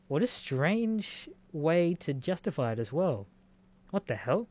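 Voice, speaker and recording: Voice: mid-range voice, sing-song, normal speed, a little mellow. A speaker reading out odd news stories and reacting with incredulous, laughing, swearing asides. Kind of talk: casual reaction commentary.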